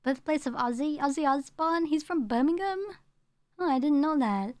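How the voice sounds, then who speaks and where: A high-voiced woman streamer from the UK talks casually with her live chat. She rambles and repeats lines, with her home accent toned down. The close mic sounds dry, with no room echo. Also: normal speed, darkish tone. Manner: chatty, rambling, repeats herself. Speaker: VTuber streamer.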